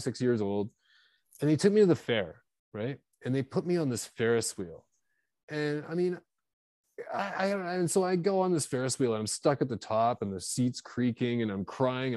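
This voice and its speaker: Mellow-voiced man in his fifties. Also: medium pitch, no room sound. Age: 50s. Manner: animated and confessional, with many fillers and restarts. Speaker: guest author. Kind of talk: candid storytelling.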